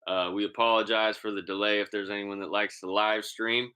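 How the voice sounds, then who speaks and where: A man's voice: lowish voice, flat delivery, a little fast, pushed and bright, clean tone. A young man co-hosting a podcast in casual chat, laid-back and slangy with many fillers. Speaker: podcast co-host.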